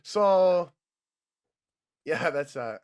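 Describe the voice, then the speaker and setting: A man's voice: on the high side, lively intonation, extremely slow, darkish tone, clear, resonant tone. A young man co-hosting a casual wrestling podcast, joking around and swearing freely. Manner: joking, swears freely, talks over others. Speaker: podcast co-host.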